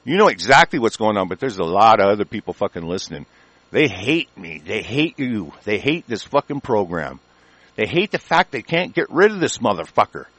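A man's voice: lowish voice, very animated, moderate pace, a bit bright, dry recording. Profane, furious male talk radio host. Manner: angry, profane, stammering restarts. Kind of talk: ranting talk radio monologue.

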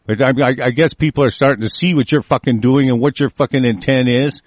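A man from the US, medium-pitched and quick, goes on a profane, heated tirade, swearing all the while and reading news aloud in between. The recording is dry.

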